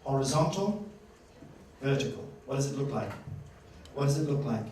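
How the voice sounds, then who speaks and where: A man giving a lively master-class lecture at a journalism school, playful and questioning his audience. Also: medium pitch, moderate pace, a little hiss or hum. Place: university lecture hall. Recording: echoey hall, distant mic, faint ambience.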